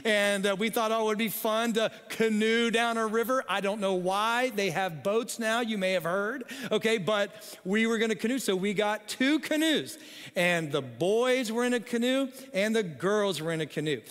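A man's voice: high-pitched, expressive, moderate pace, fairly bright tone. A middle-aged man, a pastor, telling a funny family story in a sermon, with frequent "okay?" asides. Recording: long hall reverb.

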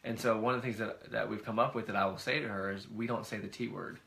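A middle-aged man with a gravelly, bright-edged voice, chatting casually as a co-host. His delivery is easygoing and rambling, with frequent restarts. His pitch sits a little on the low side. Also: fairly even intonation, fast. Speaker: podcast co-host. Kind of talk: casual conversation.

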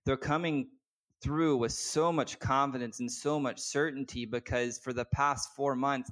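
A man speaking as a guest business coach, telling a personal story earnestly and from the heart, with many filler words and restarts. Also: medium pitch. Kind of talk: candid personal storytelling in conversation.

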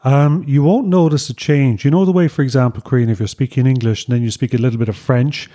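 A man's voice: mid-range voice, fairly even intonation, fast talker, dark tone. Male co-host, casual and chatty, recorded outdoors on a beach. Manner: chatty, addresses listeners as folks. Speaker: travel show co-host. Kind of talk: casual travel chat.

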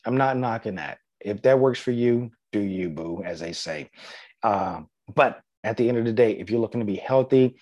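A man's voice: on the low side, mellow, no echo. A man hosting a podcast on his own, talking casually and encouragingly, with plenty of fillers. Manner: conversational, filler-heavy, encouraging. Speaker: podcast host. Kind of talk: casual solo podcast talk.

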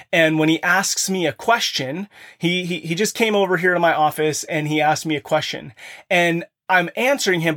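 Fairly high-pitched and a bit bright, this man's voice carries a motivational monologue for his fathers' podcast. In his thirties or forties, he speaks earnestly from his home office, addressing his audience head-on.

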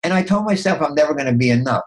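Older man, podcast guest, motivational storytelling, animated delivery, repeats words. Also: very fast, poor audio. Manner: animated, acts out inner dialogue with jumps in pitch; restarts and repeats words often.

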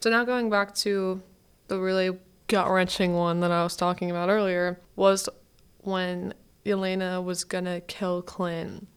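Woman podcast host, student, casual fan chatter, smooth and clean tone. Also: on the low side, little pitch movement, unhurried. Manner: chatty, gushing, heavy use of "like".

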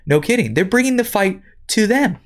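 A woman's voice: mid-range voice, animated, normal speed. A woman hosting a podcast, reading news items and answering them with indignant, sarcastic commentary. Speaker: podcast host.

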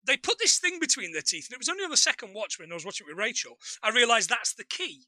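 Bright, sharp-toned man joking. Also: very high-pitched, fast, no room sound. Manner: joking, animated, swears freely. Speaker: podcast co-host. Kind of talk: casual chat recapping a film.

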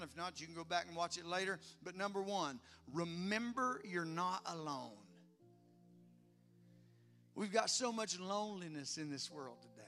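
With a bright, high, forceful voice, a pastor delivers his sermon in big swings between loud and hushed. Emphatic outbursts give way to near-whispered lines and chatty remarks to the congregation, all over faint background music.

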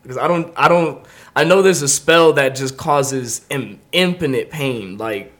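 A man's voice: mid-range voice, unhurried, a bit bright. A young man hosting a podcast, telling a comedic story in a casual way, laughing often and acting out the voices of the people he quotes. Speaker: podcast host.

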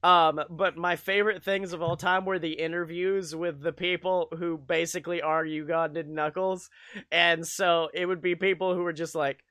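Young dude podcasting, jokey and giggly, high voice, super dry sound. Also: male voice, normal speed, no echo. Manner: laughs often, joking, animated storytelling. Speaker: podcast co-host. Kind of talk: casual chat.

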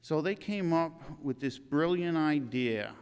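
A man's voice: fairly high pitch, animated, a little mellow, smooth. Older man with church reverb. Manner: earnest, halting reading with restarts. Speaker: eulogist. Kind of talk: eulogy reading.

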